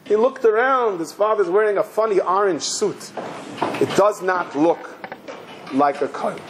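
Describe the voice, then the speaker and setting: Male rabbi, high voice, emotive sermon storyteller who repeats phrases. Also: unhurried, heavy background noise.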